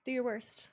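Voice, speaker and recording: A young woman streaming casually, joking and speaking bluntly, with free swearing. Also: a little mellow. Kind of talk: casual live-stream chat.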